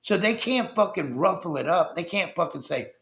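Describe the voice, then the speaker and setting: A man's voice: high voice, animated, moderate pace, gravelly, fairly bright tone. A man hosting a livestream, ranting heatedly about politics with constant swearing and talking to his chat viewers. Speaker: livestream host. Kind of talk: profane political rant on a livestream.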